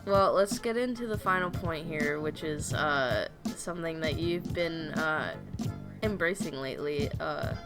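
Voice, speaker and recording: Chatty Southern woman, low voice. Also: measured pace, over loud music. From Tennessee, US. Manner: chatty, laughs often, many fillers. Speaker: podcast co-host. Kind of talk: casual chat.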